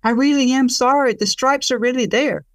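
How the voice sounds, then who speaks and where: A woman voicing a teasing, bossy older chipmunk brother who speaks gruffly. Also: high voice, normal speed, no room sound, recorded from a distance, voice pushed up. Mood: apologetic.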